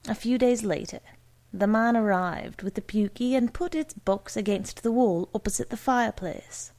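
A woman's voice: fairly high pitch, moderate pace, darkish tone. A woman reading a comic story aloud as narrator, in a dry, wry manner.

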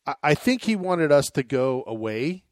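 A man's voice: a little high, sing-song, normal speed, no echo. A man talking as a podcast guest in casual chat, rambling and restarting his sentences often.

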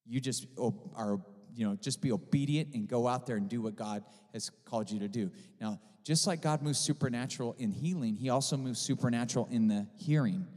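A man preaching a sermon as pastor, telling a story with swings from loud to hushed. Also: medium pitch, brisk. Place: church sanctuary. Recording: church hall reverb.

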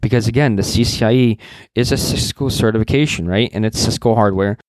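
A man's voice: fairly low pitch, brisk, a little mellow, a little hiss or hum. Earnest rambling man, a little sick. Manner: rambling, frequent fillers and restarts; earnest, passionate. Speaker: networking career advisor. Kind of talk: casual advice talk.

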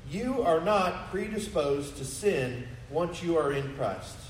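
A high-pitched male pastor delivers an emphatic sermon, pressing his congregation with rhetorical questions. He is picked up from some distance in a roomy, echoing church, with a faint hum of ambience behind him. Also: animated, takes it slowly. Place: church sanctuary.

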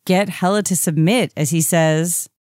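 A woman's voice: fairly low pitch, steady tone, measured pace, darkish tone, no echo, clean studio sound. A woman co-hosting a podcast in a casual, amused, chatty comic book discussion. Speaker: podcast co-host.

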